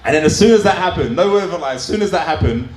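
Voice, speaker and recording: A man's voice: on the high side, lively intonation, racing, a little mellow. Chatty man doing crude stand-up. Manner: crude, chatty storytelling with lots of fillers. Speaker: stand-up comedian. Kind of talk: open mic stand-up. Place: small comedy club with audience. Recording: roomy club sound, faint ambience.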